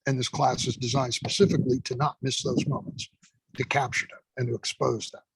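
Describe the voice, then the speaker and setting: A man's voice: medium pitch, little pitch movement, a little fast, husky, no room sound, low-quality recording. A man, an instructor and guest, telling stories in a casual interview, emphatic and swearing freely.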